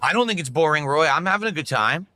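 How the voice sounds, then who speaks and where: Guy ranting fast on stream, super bright voice, whiny and sore about his viewers. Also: a little high, lively intonation, dry recording. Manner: whiny, aggrieved, repetitive. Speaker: streamer in a played clip. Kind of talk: complaining stream chatter.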